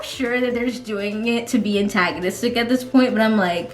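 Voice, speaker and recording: A woman vlogger telling stories in a casual chat, animated and laughing often as she goes. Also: on the high side, fairly quick, roomy sound, faint music behind. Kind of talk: casual storytelling vlog.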